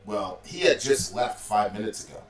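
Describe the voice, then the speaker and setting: A former call center supervisor tells a story in a loose, casual way, constantly throwing in "like" and "bro" and other fillers. His voice is fairly low and sing-song at a moderate pace, recorded in a roomy space far from the mic with faint music.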